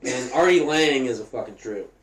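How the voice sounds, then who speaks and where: A man co-hosting a casual podcast chat, excitable and swearing constantly as he gushes about things he loves. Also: medium pitch, normal speed, a little hiss or hum. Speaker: podcast co-host. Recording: echoey room with faint ambience.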